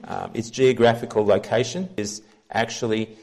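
A man preaching a sermon as pastor, teaching from the Bible in an earnest, measured way. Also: fairly low pitch, steady tone, creaky, a little mellow.

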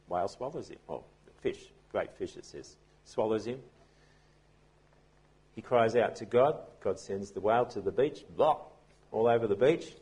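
A man's voice: lowish voice, a little mellow, slightly rough. A man preaching a sermon as pastor, telling a story in a conversational way with frequent restarts.

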